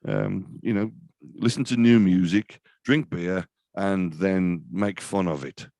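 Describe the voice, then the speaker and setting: A man's voice: low-pitched, fairly even intonation, slow, creaky, dark tone, no echo. A man in his fifties, a death metal vocalist chatting as an interview guest, rambling and self-deprecating with many restarts. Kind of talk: casual interview chat.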